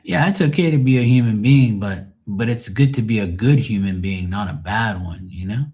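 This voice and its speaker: A man's voice: lowish voice, normal speed, darkish tone. A man on a live stream venting in a rambling, emotional monologue, swearing often and sounding drained and sad.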